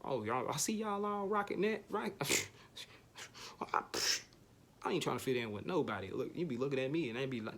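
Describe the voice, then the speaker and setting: A man vlogging a casual motivational monologue, slangy and repetitive, sometimes jumping up into a higher, animated voice. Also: fairly quick, vocal fry, slight background noise.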